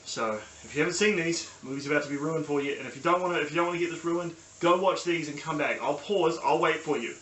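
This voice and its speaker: A man's voice: fairly high pitch, fast, few pauses, a bit bright. A young man with a New Zealand accent hosting a casual solo review show, rambling enthusiastically with lots of ums and restarts. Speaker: podcast host. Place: small sunny room at home. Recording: echoey room with faint background hiss.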